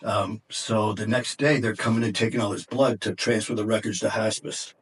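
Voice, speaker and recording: Middle-aged man, husky low voice, intense and emotional, swears freely, podcast guest. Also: fairly even intonation, moderate pace. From Detroit area, USA. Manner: intense, profane, voice breaking with emotion. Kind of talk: emotional storytelling in conversation.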